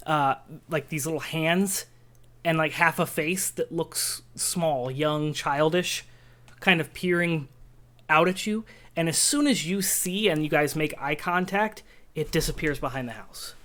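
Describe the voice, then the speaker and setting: A man narrating a tabletop game as game master, describing scenes in a halting way with many fillers. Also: fairly high pitch, a bit bright.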